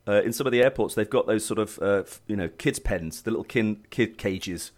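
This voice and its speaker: A man's voice: on the low side, brisk. A man chats loosely on a talk show. He tells his stories in a rambling way, restarting his sentences and breaking into laughs. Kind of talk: casual chat.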